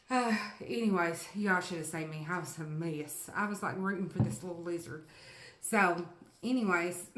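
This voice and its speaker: A middle-aged woman, telling a story to her family in a chatty, rambling way with lots of fillers. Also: mid-range voice. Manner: chatty, filler-heavy, cheering bursts. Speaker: storyteller mom. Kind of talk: casual spoken storytelling. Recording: echoey room.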